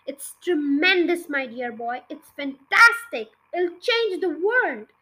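A woman voicing an excitable middle-aged farmer father in a storybook reading, gushing and breathless, talking over everyone. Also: high-pitched, takes it slowly, exaggerated voice, rough recording. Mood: excited.

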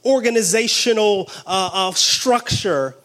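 A man preaching a sermon with excited exclamations and call-and-response energy. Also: sits high, unhurried.

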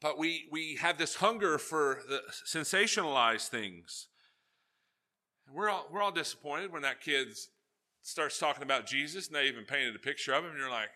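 Bright-voiced animated male preacher. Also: fairly high pitch. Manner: animated, jokey storytelling with quick swings between loud and hushed. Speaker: pastor. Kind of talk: sermon.

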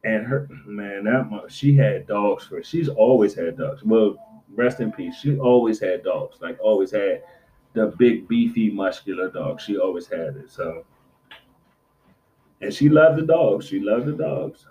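Profane middle-aged man telling animated stories. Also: lowish voice, a little slow. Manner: profane, animated storytelling with acted-out quotes. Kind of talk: casual chat. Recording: dull lo-fi recording.

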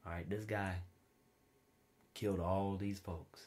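A man preaching a sermon in a relaxed, conversational way, telling personal stories with big swings between loud high peaks and low quiet passages. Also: takes it slowly. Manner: informal storytelling, wide swings in pitch and loudness, drops low and quiet for stories.

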